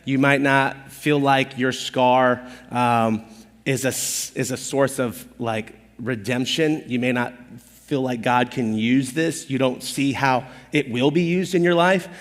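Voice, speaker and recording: A man preaching a sermon as pastor, telling personal stories in an animated, conversational, self-deprecating way. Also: mid-range voice, measured pace. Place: church auditorium stage. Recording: long hall reverb.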